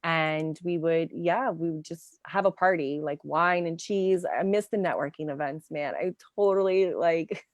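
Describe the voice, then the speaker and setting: A woman's voice: low-pitched, measured pace, hardly any pauses, no echo. A woman career coach chatting casually in an interview, telling stories with lots of "like" and "um" fillers. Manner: animated storyteller, many fillers like "like" and "um".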